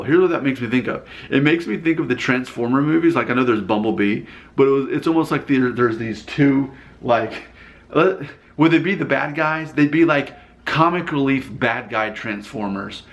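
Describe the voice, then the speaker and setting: A man's voice: mid-range voice, lively intonation, normal speed, muffled recording. A man casually rambling as he reacts to viewer comments in his vlog, often breaking into laughter.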